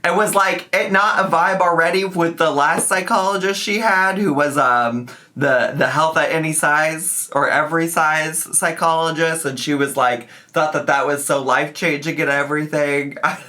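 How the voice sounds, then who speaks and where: A man's voice: on the high side, steady tone, normal speed, few pauses, bright, forceful tone. A man hosting a reaction commentary, chatty and sarcastic, often laughing as he talks. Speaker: YouTube commentary host.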